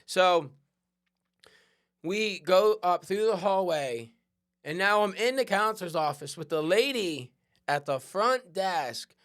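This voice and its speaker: A man hosting a podcast, telling a personal story in a conversational, animated way and often checking in with "right?". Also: sits high, slow pace. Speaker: podcast host. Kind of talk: storytelling monologue.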